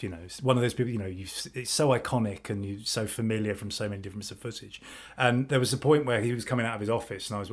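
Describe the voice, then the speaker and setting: Rambling male podcast co-host. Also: fairly low pitch. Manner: relaxed, rambling with many fillers. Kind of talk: casual chat. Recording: video call.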